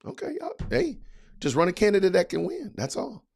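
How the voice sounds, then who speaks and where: A man's voice: high-pitched, very animated, fast talker, vocal fry. A man hosting a podcast, giving sarcastic political commentary in a mocking, hyped-up, repetitive way. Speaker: podcast host.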